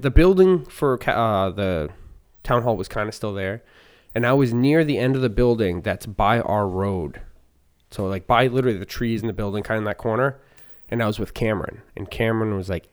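Podcast co-host, male, lowish voice, rambling storyteller with lots of "like" and "um". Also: clear, resonant tone. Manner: rambling, lots of fillers and restarts. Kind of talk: casual chat, storytelling.

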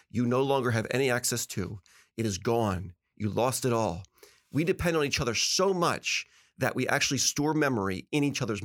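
A man's voice: on the high side, a bit bright. A middle-aged man hosting a talk, giving earnest, emphatic relationship advice and laughing often. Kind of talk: casual motivational talk.

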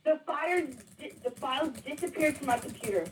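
A man's voice: very high voice, normal speed, recorded from a distance, slight background noise, poor audio. A man playing a frightened young friend who is running at night, talking urgently over the phone and out of breath. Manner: breathless, urgent, whispering at times.

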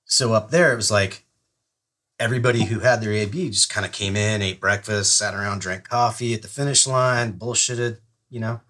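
A man's voice: lowish voice, normal speed, sharp tone. A middle-aged man, a retired soldier, telling a long story in casual, profane podcast talk, often laughing as he goes. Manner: profane, laid-back, laughs through his stories. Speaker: podcast guest, retired Army Ranger.

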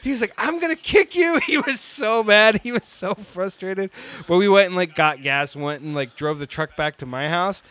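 Guy in his 40s, bright voice, rambling story with lots of likes and laughs. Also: high-pitched, moderate pace, smooth. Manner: animated, laughs often, many "like" fillers. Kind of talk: casual storytelling.

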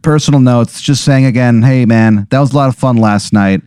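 A man's voice: medium pitch, normal speed, darkish tone, clear, resonant tone, no room sound, studio quality. A man co-hosting a comedy podcast, telling a rambling improvised story full of fillers and restarts. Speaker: podcast co-host.

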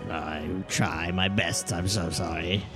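A man's voice: low voice, steady tone, slow, creaky, loud music behind the voice, voice pushed down, full character voice. A man voicing a stocky, exhausted male goblin rower who grovels and then demands his pay. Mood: indignant.

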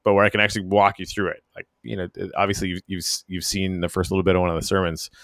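A man's voice: deep voice, flat delivery, very fast, a bit bright, dry recording, studio quality. A man from the Canadian Arctic hosting a casual podcast chat, rambling with lots of fillers and restarts. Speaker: podcast host.

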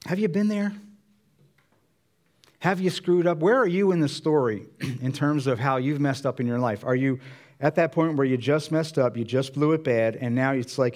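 A man's voice: medium pitch, normal speed, darkish tone. Man preaching a conversational sermon. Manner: conversational preaching, acts out Bible dialogue in voices. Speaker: pastor.

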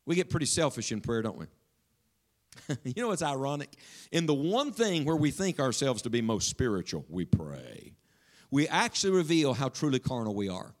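A man preaching a sermon in a church, swinging between loud emphasis and hushed asides. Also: mid-range voice, very animated, moderate pace. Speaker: pastor.

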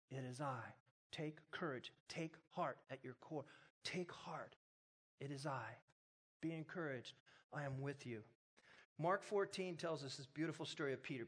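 A high-pitched man delivering a sermon. He retells the story in a relaxed, joking way, then presses his points with emphatic, rising urgency. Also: breathy edge. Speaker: pastor.

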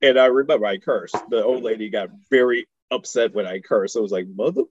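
A man's voice: fairly low pitch, a little fast, husky, no room sound, highs cut off. A man from Houston telling stories in casual chat as a podcast guest, laughing often and acting out the voices of people he quotes. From Houston, Texas. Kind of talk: casual storytelling.

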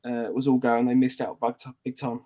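A man's voice: mid-range voice, completely flat delivery, quick pace, dark tone. Laid-back British man reading chat. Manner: laughs often, reads chat comments aloud. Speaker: podcast co-host reading live chat. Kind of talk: casual chat.

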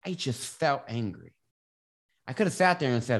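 Animated self-help coach talking to viewers. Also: medium pitch, normal speed. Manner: earnest, candid, explains with personal story; frequent restarts and stumbles. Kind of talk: casual advice monologue to camera.

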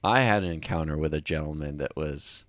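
A man with a deep voice tells stories on a podcast, full of energy. He acts out the shouting of the people he quotes. The sound is close and dry, with no room echo. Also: brisk. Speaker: podcast co-host. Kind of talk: casual chat.

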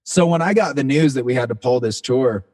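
A relaxed man telling stories as a podcast guest, his voice sitting at a middle pitch. He talks loosely and casually, drops curse words freely, and keeps calling the listener "man" or "dude". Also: brisk. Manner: laid-back, swears freely, says "man" and "dude" often. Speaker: band singer, podcast guest. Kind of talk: casual storytelling chat.

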